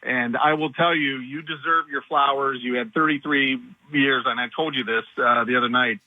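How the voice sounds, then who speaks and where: A man's voice: medium pitch, steady tone, normal speed, no room sound, phone-quality sound. A man calling into a radio show as a former manager, blunt and coach-like in how he talks. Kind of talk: phone-in chat.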